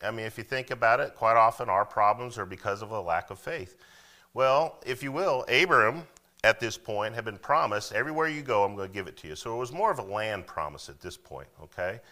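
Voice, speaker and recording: A man's voice: lowish voice, lively intonation, fairly quick, bright, forceful tone. A man preaching, reading scripture aloud in a raised voice and then explaining it plainly with frequent "okay?" asides. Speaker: pastor.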